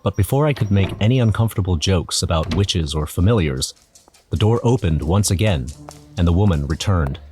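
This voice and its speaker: A man's voice: sits low, animated, brisk, darkish tone. A man narrating an audio drama in first person, nervous and wry. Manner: nervous, wry inner monologue. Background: music.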